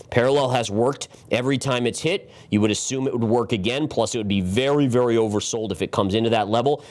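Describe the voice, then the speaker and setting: A middle-aged man hosting a live market analysis show, talking emphatically and calling his viewers "guys", sometimes short of breath from talking fast. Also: mid-range voice. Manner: quick talk, sometimes winded. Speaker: market strategist and show host.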